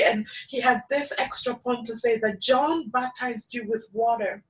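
Young woman preaching, kinda high voice, chatty and personal, lots of ums. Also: distant mic, low-quality recording. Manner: personal, chatty, laughs while speaking, filler ums. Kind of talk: informal sermon.

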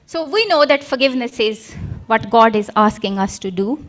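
A woman's voice: fairly high pitch, animated, moderate pace, slight background noise. A woman preaching a sermon, retelling a parable and acting out its characters. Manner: acts out parable characters with props and volunteers.

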